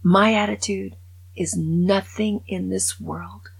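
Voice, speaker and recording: An older woman hosting a talk show, giving wry, indignant opinions and dropping into breathy whispered asides. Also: sits low, sing-song, a little slow, poor audio. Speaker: podcast host. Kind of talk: opinionated casual monologue.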